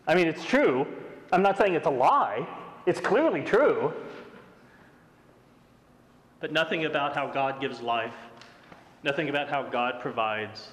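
A man preaching with a fairly high voice that swings up and down. He is emphatic and keeps putting questions to his listeners. His voice rings with a long reverb in a large hall. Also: lively intonation, measured pace, pauses often, a bit bright. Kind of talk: expository sermon.

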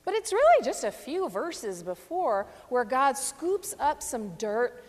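A woman delivers a sermon slowly and thoughtfully, her fairly high voice rising and falling widely as she leans into key phrases. Her words ring out with the long reverb of a large church hall. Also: sing-song. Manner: reflective, measured, stresses key phrases. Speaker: preacher.

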